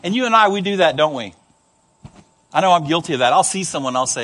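A man preaching a sermon to a congregation, animated, acting out the voices he quotes and adding humorous asides. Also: fairly high pitch, fast. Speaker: pastor. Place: church service before a congregation.

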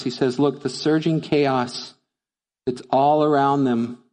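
A man's voice: medium pitch, a little mellow, long reverb tail. A middle-aged man preaching a sermon as pastor, telling stories and then building to fervent rhetorical questions. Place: church sanctuary.

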